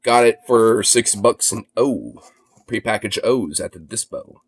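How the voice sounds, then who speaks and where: A man livestreaming his reactions from a phone, excitable and profane, laughing often. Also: lowish voice, measured pace, slightly rough. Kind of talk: live reaction stream.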